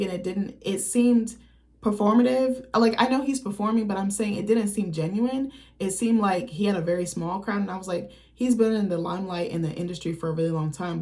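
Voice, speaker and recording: A woman talking straight to camera as a vlogger, giving blunt, candid and profane opinions in a loose, chatty way. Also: mid-range voice. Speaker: vlogger, channel host. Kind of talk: casual opinion commentary.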